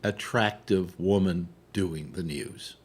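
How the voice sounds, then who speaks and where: A man hosting a casual panel chat on a video call, sarcastic and animated, stumbling over restarts. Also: sits low, takes it slowly, slightly rough. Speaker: host.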